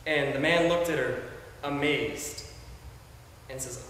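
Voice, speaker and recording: A young man giving a sermon, telling a story earnestly and dropping his voice low and soft for quoted lines. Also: takes it slowly. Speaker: preacher. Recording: echoey hall from far off, faint hiss.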